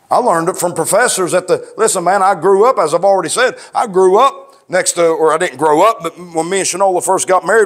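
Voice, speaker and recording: Fervent high-voiced preacher man. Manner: plainspoken, fervent, swings from low talk to raised shouts. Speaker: pastor. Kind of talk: sermon. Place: church.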